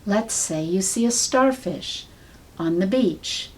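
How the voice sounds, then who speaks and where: Calm woman teaching sound healing, talks real slow and soft, medium pitch. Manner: calm, measured, soft-spoken.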